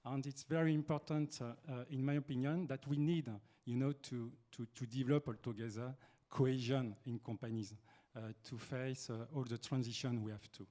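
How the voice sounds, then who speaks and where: A man with a French accent presenting on a business panel, speaking halting English as he searches for words. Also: mid-range voice, fairly even intonation, dark tone.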